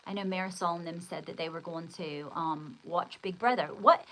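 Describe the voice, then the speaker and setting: A woman's voice: lowish voice, fairly even intonation, normal speed, a bit bright, poor audio. An older woman hosts a casual livestream. She rambles from one story to the next in an exclamatory way and stops to read viewer comments aloud. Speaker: livestream host.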